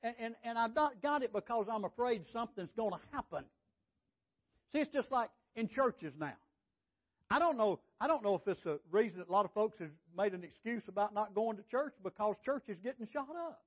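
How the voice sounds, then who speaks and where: High-voiced preacher, folksy. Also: male voice, expressive, brisk. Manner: folksy, conversational preaching with repetitions. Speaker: pastor. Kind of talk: sermon. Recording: dull lo-fi sound.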